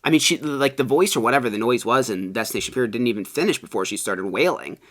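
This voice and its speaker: A man co-hosting a casual chat, rambling with lots of filler words and getting animated when he rants. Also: mid-range voice, quick pace. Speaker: co-host.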